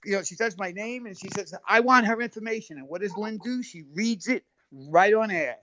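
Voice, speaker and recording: A man's voice: high-pitched, fairly quick, pushed and bright, slight background noise. A man arguing heatedly on a live stream, defensive and swearing, cutting in over others. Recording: dull lo-fi stream audio.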